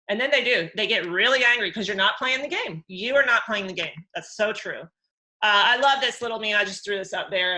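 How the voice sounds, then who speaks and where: A woman hosts a live workshop, speaking casually and warmly to her listeners in a bright, clear voice. She is chatty and animated, and she slips into high, mocking voices when she imitates other people. She sounds middle-aged. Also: rough recording. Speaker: workshop host and counselor.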